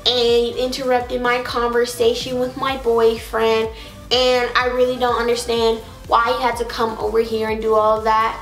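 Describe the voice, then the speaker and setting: A woman's voice: a little high, completely flat delivery, moderate pace, natural voice. A fussy, annoyed moviegoer lady, prim and complaining, as a young woman vlogger mimics her. The sound is roomy, and faint music plays behind. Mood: prim complaint.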